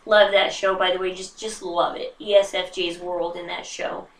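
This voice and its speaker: A woman's voice: on the low side, measured pace, recorded from a distance, slight background noise. Chatty woman in an echoey room. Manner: chatty, self-mocking, animated with sudden hushed asides. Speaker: vlogger. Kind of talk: casual chat to camera. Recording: roomy echo, slightly off-mic.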